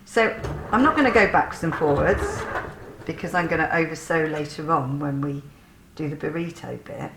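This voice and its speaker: A woman's voice: sits low, normal speed, fairly bright tone, roomy sound, slight background noise. A woman chatting through a sewing tutorial, laughing often and poking fun at herself.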